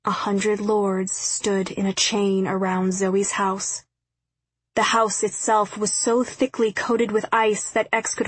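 A woman narrating an audiobook in a steady, measured reading. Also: medium pitch, breathy edge, dry recording, low-quality recording. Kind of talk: scripted narration.

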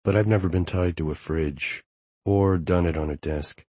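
A man voicing a shy but playful young woman in an audiobook, speaking softly and confidingly. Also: low voice, fairly even intonation, moderate pace, no echo. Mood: eager confiding. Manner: breathy, soft-spoken confiding. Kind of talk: audiobook dialogue.

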